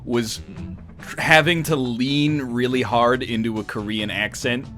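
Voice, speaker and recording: A man's voice: medium pitch, measured pace, faint music behind. A man from Canada telling stories and joking with friends during a live game stream. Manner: animated storytelling, laughs often. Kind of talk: casual game-stream banter.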